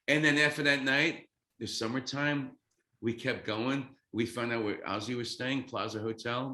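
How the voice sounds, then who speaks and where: A man in his fifties, a guest drummer, telling a story excitedly, swearing freely and acting out quotes. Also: fairly low pitch, echoey room. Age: 50s. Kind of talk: animated storytelling.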